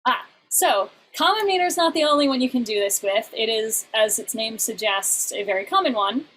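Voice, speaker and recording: A woman teaching an online class with a somewhat high voice. She explains in halting bursts, full of restarts. A faint hum of background noise sits under her. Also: lively intonation, a bit bright, low-quality recording. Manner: explains in halting bursts, breaks into short sung examples.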